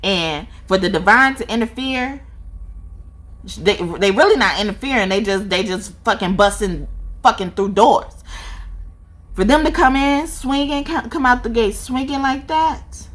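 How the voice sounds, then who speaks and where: Animated, profane woman reading tarot. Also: medium pitch. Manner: animated, profane, laughs often. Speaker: tarot reader.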